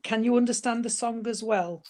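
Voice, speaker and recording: A woman medium giving a gentle, chatty spirit reading, calling her listener sweetheart and darling. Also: fairly high pitch, moderate pace, noisy background.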